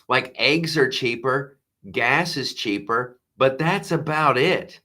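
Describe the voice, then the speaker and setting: A man's voice: medium pitch, slow, pushed and bright. A man hosting a live comedy news show, ranting with exasperated sarcasm and frequent restarts.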